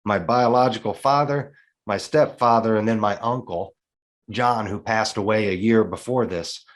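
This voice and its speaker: A man in his forties telling a personal story as an interview guest, earnest and animated, acting out dialogue as he goes. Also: lowish voice, normal speed. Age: 40s.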